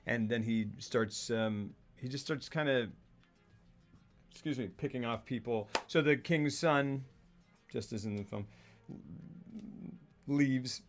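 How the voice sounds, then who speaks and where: A man's voice: mid-range voice, slow, pauses often, faint music behind. A man co-hosting a casual film talk show, recapping a plot in a rambling way and acting out the characters' lines. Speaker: podcast co-host. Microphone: streaming mic.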